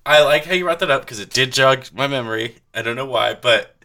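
A man's voice: mid-range voice, a little fast, bright, forceful tone. A man co-hosting a casual movie podcast, giggling, swearing and acting out quotes. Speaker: podcast co-host.

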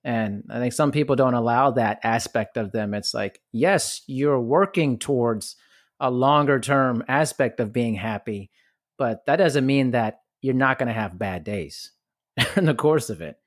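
A man's voice: medium pitch, unhurried, dry recording, studio quality. A man hosting a podcast, thinking aloud in a reflective way. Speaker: podcast host. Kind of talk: casual podcast conversation.

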